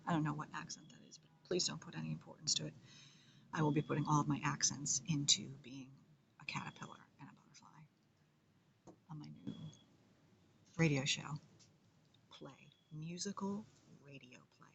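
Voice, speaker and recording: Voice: mid-range voice, moderate pace, creaky, dull audio, background noise. A comedian and musician in a rambling casual monologue, playful and self-mocking, often drifting into whispers.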